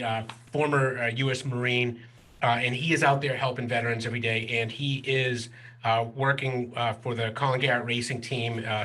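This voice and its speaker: A man's voice: mid-range voice, sharp tone. A man hosting a casual radio interview show, upbeat and chatty with many filler uhs. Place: studio in New York state.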